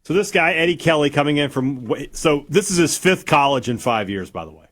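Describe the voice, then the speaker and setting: A man's voice: a little high, expressive, fairly quick, fairly bright tone. A man co-hosting a sports talk radio show, chatting casually in an enthusiastic, teasing way.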